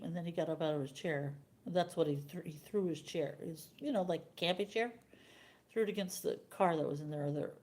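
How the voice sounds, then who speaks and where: An older woman hosting a live stream, chatting casually with viewers and telling a rambling, halting story. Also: lowish voice, mellow.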